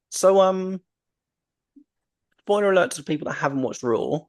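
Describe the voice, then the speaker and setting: On his wrestling podcast, a man with a mid-range, darkish voice talks a little fast. His manner is rambling and enthusiastic, full of ums and false starts as he chats casually.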